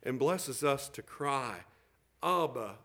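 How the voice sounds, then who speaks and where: A middle-aged man preaching a sermon as pastor, repeating words as he builds a point and swinging from loud calls to soft, tender lines. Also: fairly high pitch, lively intonation, a little slow.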